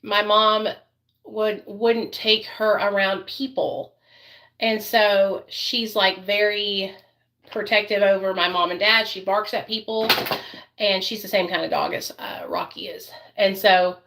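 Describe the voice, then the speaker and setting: A woman's voice: medium pitch, sharp tone. Chatty rambling woman vlogger. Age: adult parent. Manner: rambling, chatty, many fillers; doting baby talk to her dog. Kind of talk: casual chat while doing makeup.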